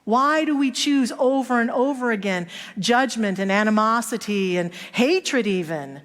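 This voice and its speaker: Preaching a little slowly in an expressive, high-leaning voice, a woman minister narrates stories during her sermon and acts out the characters' voices. The church sanctuary adds hall reverb to the recording.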